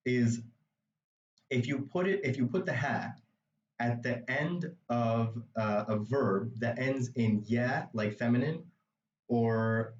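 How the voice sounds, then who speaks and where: A man's voice: medium pitch, darkish tone, reverberant, far from the mic, dull audio. A man teaching a language, explaining a reading passage step by step in a patient way with many asides. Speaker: Arabic dialect teacher.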